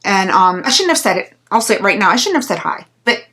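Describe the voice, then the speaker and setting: A woman's voice: mid-range voice, very animated, fast talker, pushed and bright. A woman vlogger telling a story in a casual, chatty way, full of fillers and little laughs.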